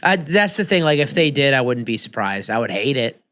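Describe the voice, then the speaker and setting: A man's voice: medium pitch, sing-song, brisk, pushed and bright, a little hiss or hum. A man co-hosting a sports podcast in laid-back, casual chat, swearing freely. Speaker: podcast co-host.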